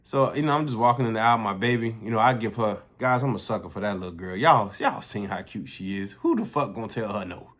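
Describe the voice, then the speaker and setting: A man's voice: fairly low pitch, expressive, fast talker, few pauses, fairly bright tone. A man talking casually and bluntly to his viewers in a vlog, swearing freely as he tells a story. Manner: blunt, profane, conversational. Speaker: fitness coach.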